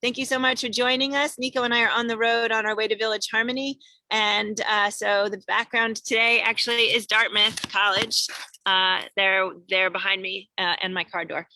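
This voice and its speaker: A woman's voice: on the high side, sharp tone, no room sound. A woman hosting an online singing show, chatting in an upbeat way and greeting viewers by name over a video call from her car. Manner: chatty and upbeat, reading out many viewer names. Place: in a parked car on a road trip.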